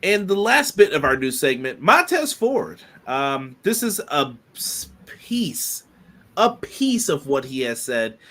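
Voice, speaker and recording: A man co-hosting a casual wrestling podcast, giving animated, quick opinions with many fillers. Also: on the high side. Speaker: podcast co-host.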